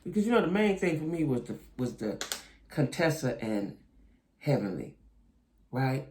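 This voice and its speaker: A man's voice: medium pitch, very animated, normal speed, a little mellow, slight background noise. A man giving casual, opinionated video commentary on a reality show, talking straight to his viewers and often checking in with them. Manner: chatty, opinionated, keeps asking "right?" and "you know what I'm saying?"; talks straight to viewers as "y'all".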